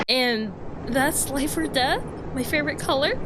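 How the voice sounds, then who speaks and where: Give me a woman gamer with amused, giggly asides and a fairly high voice. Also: animated, slow pace, a bit bright, soft background music. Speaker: gaming video creator. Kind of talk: reacting while reading a game aloud.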